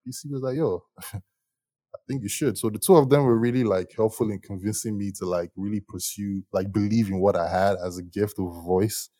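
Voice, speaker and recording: Young male interviewee, low voice, dry close sound, lively slangy storyteller who laughs a lot. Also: fairly quick, hardly any pauses, no room sound. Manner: animated, slangy, laughs often. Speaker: musician guest.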